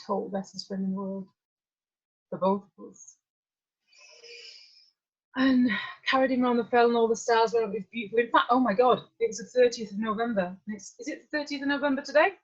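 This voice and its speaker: Husky woman telling a personal story. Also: medium pitch. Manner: candid, conversational, drifting asides. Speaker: workshop speaker. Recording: muffled lo-fi recording.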